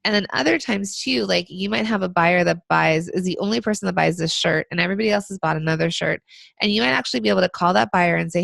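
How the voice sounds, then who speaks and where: Creaky-voiced woman podcast co-host. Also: fairly low pitch, quick pace, a bit bright, no echo. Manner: conversational, frequent fillers. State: recovering from illness. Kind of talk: casual business advice chat.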